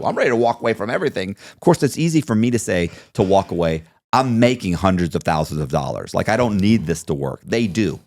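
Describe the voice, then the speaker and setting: Pitched low and moving a little quickly with few pauses, this male interview guest tells a lengthy tale on a podcast. He brings it to life by performing the voices of everyone he quotes.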